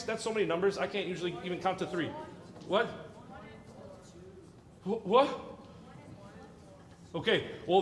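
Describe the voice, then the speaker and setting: A man coaching a student orchestra in rehearsal, joking and counting and singing rhythms aloud. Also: high-pitched. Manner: playful, jokey, counts and sings rhythms aloud. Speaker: guest orchestra clinician. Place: large hall with student orchestra. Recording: echoey hall, orchestra playing, from a distance. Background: orchestra music.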